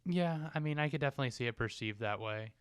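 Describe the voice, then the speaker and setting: A man's voice: medium pitch, expressive, fast talker, smooth, no echo. A man co-hosting a podcast, adding dry, joking remarks about a movie in a casual chat. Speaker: podcast co-host.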